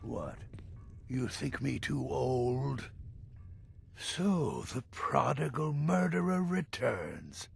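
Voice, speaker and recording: A gravelly, sardonic old assassin of a game guild, doling out dry, ironic praise. His rasp is heavy and breathy, and his lines dip and climb across a wide span. He speaks slowly and deliberately, close and dead-dry. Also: mid-range voice, very animated, full character voice. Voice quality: gravelly, raspy. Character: sardonic older male assassin guild elder. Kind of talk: video game voice acting.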